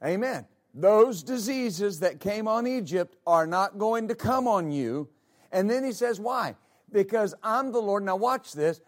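Man, pastor, sermon, high voice, emphatic, amen after each point. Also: lively intonation, a little slow. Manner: emphatic, repeats words, calls out amen.

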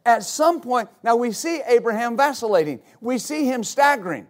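A male pastor preaching a sermon, rising into repeated, shouted exhortations to his congregation. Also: extremely high pitch, lively intonation, moderate pace. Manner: builds to shouted, repetitive exhortation.

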